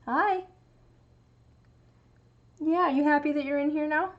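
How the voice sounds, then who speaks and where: A young woman chats casually on a livestream. She talks in a fairly high voice and slips into a cooing baby voice for her cat. The sound is muffled and lo-fi. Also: lively intonation, normal speed, long pauses. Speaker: streamer. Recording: muffled lo-fi stream audio.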